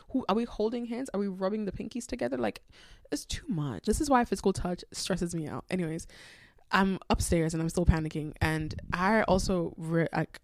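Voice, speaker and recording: A young woman hosting a solo podcast, congested from a cold, telling a rambling, animated personal story. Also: lowish voice, no room sound, studio quality. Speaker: podcast host.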